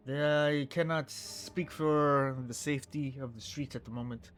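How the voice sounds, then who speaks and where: A man voicing a calm male tavern owner in a tabletop game. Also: a little high, a little slow, pitched above the performer's own voice, lightly acted. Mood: hospitable. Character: male tavern owner standing firm in his home.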